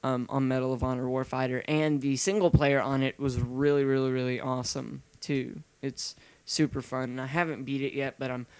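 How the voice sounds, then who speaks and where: A man's voice: medium pitch, little pitch movement, a little fast, a little mellow, smooth, no room sound. A young man hosting a casual gaming podcast, rambling with lots of fillers and restarts. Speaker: podcast host.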